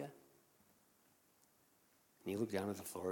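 A man's voice: medium pitch, moderate pace. Male pastor telling a story, big reverb. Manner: animated, swings from loud to hushed. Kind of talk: sermon storytelling.

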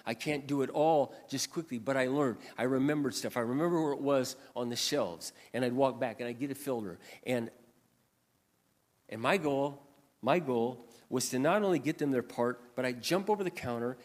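Storytelling preacher in a reverberant hall. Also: male voice, mid-range voice, normal speed. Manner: animated, swings between loud and quiet. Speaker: pastor. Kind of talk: sermon storytelling.

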